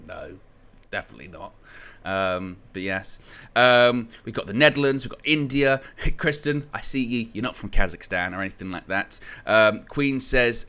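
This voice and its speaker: A man from England hosts a live-stream football fan show, reading out viewer comments in a chatty, rambling way. His mid-range voice has a sharp tone.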